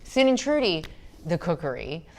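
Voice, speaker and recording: A woman's voice: lowish voice, very animated, normal speed, darkish tone. A woman hosting a podcast, asking questions and reminiscing enthusiastically in casual chat. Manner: enthusiastic, laughing easily. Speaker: podcast host.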